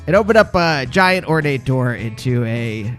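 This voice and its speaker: A man's voice: medium pitch, animated, moderate pace, soft background music. A man hosting a podcast, chatting casually with hesitant restarts and self-deprecating asides. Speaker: podcast host. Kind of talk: casual interview chat.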